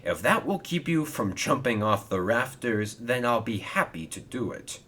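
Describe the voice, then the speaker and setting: A man's voice: mid-range voice, animated, normal speed, pushed and bright. A man voicing a kind, helpful male steam engine who speaks earnestly and reassuringly.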